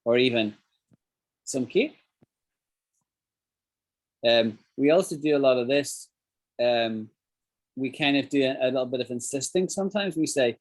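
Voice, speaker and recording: A man's voice: medium pitch, moderate pace, long pauses. A man teaching an English class over a video call, explaining phrases and acting out examples.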